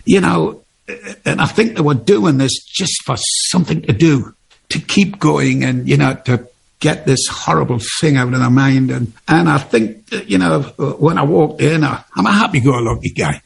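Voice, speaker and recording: Interview guest, Geordie man in his 70s, gravelly and husky, chatty storyteller. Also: fairly high pitch, moderate pace. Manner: chatty, rambling, laughs often.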